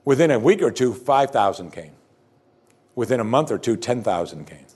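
A man's voice: medium pitch, big pitch swings, normal speed, a little mellow, slightly rough. A man preaching a sermon as pastor, earnest and emphatic, repeating key phrases and breaking into conversational asides between scripture readings.

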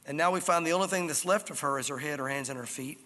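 A male pastor preaching a sermon, telling the story in an animated way and acting out scenes. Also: on the high side, fast. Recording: reverberant hall.

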